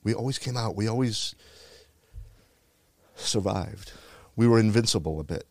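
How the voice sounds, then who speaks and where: A man's voice: lowish voice, normal speed, creaky, a little mellow, no room sound. A man from the Bronx, a retired firefighter earnestly telling a heartfelt personal story. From the Bronx, New York. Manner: earnest and heartfelt, with repeated phrases.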